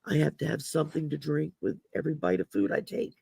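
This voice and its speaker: A woman hosting a casual livestream chat, her voice growly from damaged vocal cords, rambling and halting with many fillers. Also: low-pitched, expressive, creaky, warm tone, husky, no room sound. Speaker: host.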